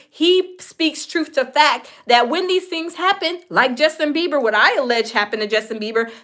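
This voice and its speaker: A woman's voice: high-pitched, fairly bright tone. A woman hosting a celebrity gossip commentary, chatty and talking straight to her viewers with lots of fillers. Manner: chatty, addresses viewers directly with many fillers. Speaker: host.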